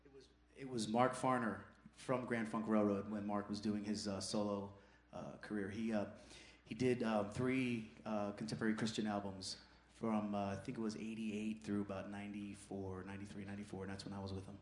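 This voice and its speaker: A male guitarist answering on stage, halting, with many fillers. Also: on the low side, flat delivery, echoey room. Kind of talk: casual on-stage interview.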